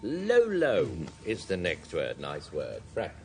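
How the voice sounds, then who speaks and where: A man hosting a panel word game, with measured, drawn-out phrasing. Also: deep voice, wildly swooping pitch. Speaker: quiz show host. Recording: studio audience and hiss behind. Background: studio audience.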